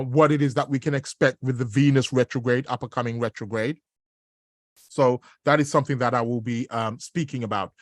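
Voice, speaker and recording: A man's voice: medium pitch, no room sound, clean studio sound. Rambling man hosting an astrology podcast. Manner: rambling, many fillers and restarts. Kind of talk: casual spoken commentary.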